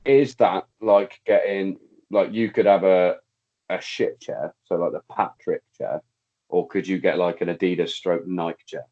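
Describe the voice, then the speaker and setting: A man's voice: low-pitched, steady tone, unhurried, mellow, lo-fi sound. A man co-hosting a podcast in casual chat, rambling and searching for his words in a matey way.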